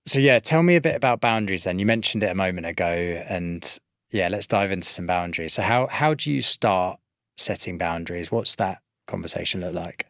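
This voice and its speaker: Male podcast host, very deep voice, tentative, rephrasing questions, dry close sound. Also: brisk, a bit bright, dry recording. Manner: thinks aloud, hesitant, restarts his questions. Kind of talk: conversational podcast interview.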